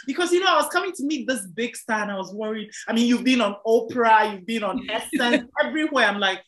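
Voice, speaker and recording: A woman's voice: fairly high pitch, expressive, fast, fairly bright tone, rough recording. A woman hosting a show, effusive, devout and encouraging toward her viewers. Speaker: talk show host. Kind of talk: interview and outro to viewers.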